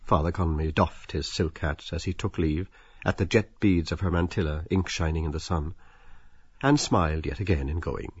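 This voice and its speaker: A man narrating a literary audiobook in a measured, wry and expressive storytelling manner. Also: sits low, slightly rough, lo-fi sound.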